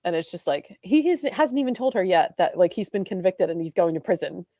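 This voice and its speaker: Fast-talking woman gushing over a soap. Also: on the low side, dry recording. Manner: fast, animated retelling with many "like"s. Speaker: podcast co-host. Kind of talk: casual chat recapping a soap opera.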